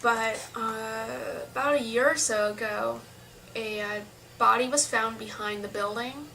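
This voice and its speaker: A young woman tells a long story to her camera, rambling and restarting as she goes. Her voice sits a little high and sounds bright. She is a bit far from the mic, with a faint hum behind her. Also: a little slow. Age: young adult. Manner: chatty, rambling with restarts and asides. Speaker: vlogger.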